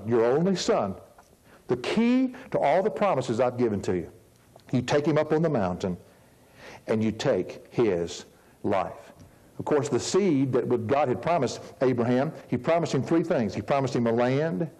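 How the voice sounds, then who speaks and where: A man's voice: medium pitch, mellow, low-quality recording. Earnest older-sounding man preaching. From United States. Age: 50s. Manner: earnest, emphatic preaching with slowed stresses and repeated phrases. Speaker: pastor. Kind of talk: sermon.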